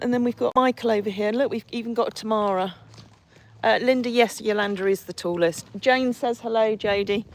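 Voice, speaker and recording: A woman's voice: mid-range voice, slight background noise. A woman hosting a casual live stream from horseback outdoors, reading viewer comments and cooing and scolding her horses in between.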